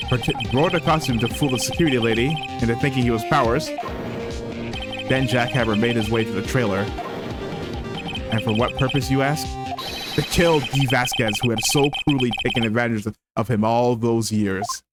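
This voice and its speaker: A man reading the part of an earnest young defense lawyer who lays out his case, with loud game music behind him. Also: mid-range voice, moderate pace, close to an everyday voice.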